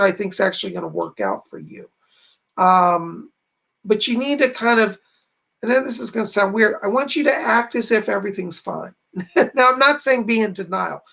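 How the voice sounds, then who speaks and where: A man's voice: high voice, gravelly, bright, forceful tone. A man hosting a livestream, chatting casually as he reads viewers' messages aloud and gives psychic readings. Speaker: psychic medium host.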